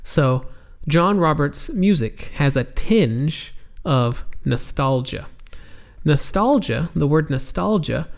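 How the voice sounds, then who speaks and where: A man's voice: a little high, expressive, takes it slowly, vocal fry. A man teaching English vocabulary, explaining words patiently and spelling them out, with many ums and restarts. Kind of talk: slow explanatory vocabulary lesson.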